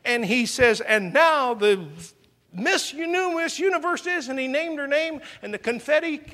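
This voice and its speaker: A man preaching a sermon in a church, telling stories with lively swings between loud outbursts and hushed, slow emphasis. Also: extremely high pitch, long reverb tail. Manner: animated storytelling, swings from loud exclamations to quiet emphasis.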